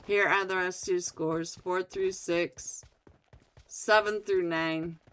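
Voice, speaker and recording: A woman casting a live mobile battle royale match for a stream, getting louder and more excited as the big plays land. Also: lowish voice, slow. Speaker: esports caster. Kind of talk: live game commentary.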